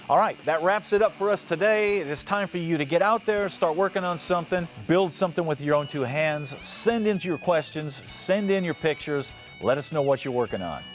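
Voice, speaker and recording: A man hosting a podcast in a casual monologue, often laughing and mocking quotes in a deep announcer voice. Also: expressive, fairly quick, hardly any pauses, faint music behind. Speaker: podcast host.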